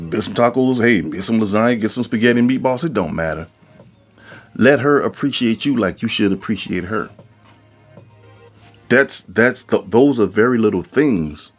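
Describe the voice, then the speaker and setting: A man hosting a podcast in a casual, animated monologue, preaching about relationships and acting out quoted voices. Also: on the low side. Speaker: podcast host.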